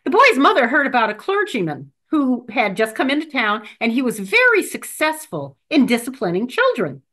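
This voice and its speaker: A woman reading a joke and a devotional at church, expressive and deliberate. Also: high-pitched. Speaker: church lay reader.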